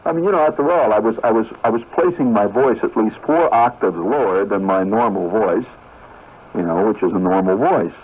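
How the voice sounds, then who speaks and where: A man telling a rambling story on the radio in an animated, conversational way. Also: fairly low pitch, fairly quick, breathy edge. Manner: conversational, animated, full of you-knows and restarts. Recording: tinny 1970s radio broadcast with faint hiss.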